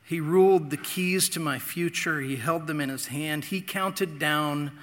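A middle-aged man telling a childhood story in a sermon, earnest, with dramatic pauses and repeated phrases. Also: on the high side, a bit bright. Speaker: pastor. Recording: long hall reverb.

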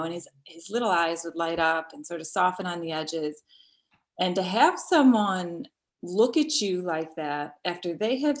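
A middle-aged woman recounting a personal story as an interview guest, halting and tender with many pauses and restarts. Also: on the low side.

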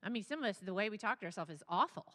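A woman's voice: mid-range voice, lively intonation, very fast, sharp tone. A woman therapist speaking to a church congregation in an earnest, teary, conversational way. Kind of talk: sermon talk. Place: large church sanctuary. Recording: long hall reverb.

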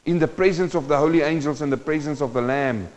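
A male preacher with a somewhat high voice delivers a sermon, turning from calm teaching to passionate, rising appeals aimed straight at his congregation. The sound rings with long reverb, as if in a large hall. The recording is slightly muffled and dull. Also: fast talker. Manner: swings from quiet teaching to loud impassioned exhortation; addresses the congregation directly.

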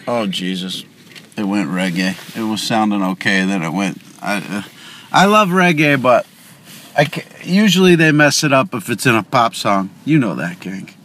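Sitting in a car, a male podcast host delivers a casual, rambling monologue, chatty and digressive, often cutting himself off. His voice is on the low side and a bit bright, with lively intonation and a moderate pace.

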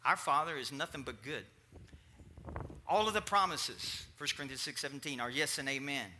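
A man preaching a sermon in a conversational, animated way, breaking off for joking asides to the congregation. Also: mid-range voice, normal speed.

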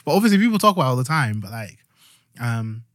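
A man's voice: mid-range voice, sing-song, fast, fairly bright tone, no room sound, clean studio sound. A young man with a Yorkshire accent, co-hosting a podcast in casual chat, rambling with many fillers and restarts as he retells stories. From Yorkshire, England. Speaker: podcast co-host.

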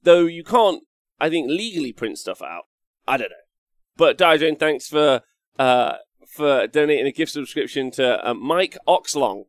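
An English man hosts a wargaming show as a casual live stream, rambling and joking, swearing now and then, and reading out viewer comments. His voice is on the high side and animated, at a measured pace, with no room sound.

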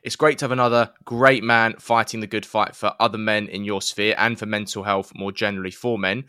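A man's voice: on the low side, little pitch movement, fairly quick, sharp tone, clear, resonant tone, no echo. Chatty man hosting a podcast. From East London. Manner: chatty, matey banter. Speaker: podcast host. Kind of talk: podcast interview. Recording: dry remote podcast recording.

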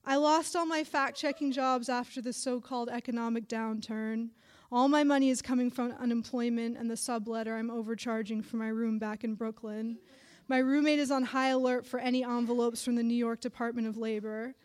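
A woman's voice: a little high, fairly even intonation, brisk, a little mellow. A young adult woman, a writer, reading her own literary story aloud with dry, wry narration.

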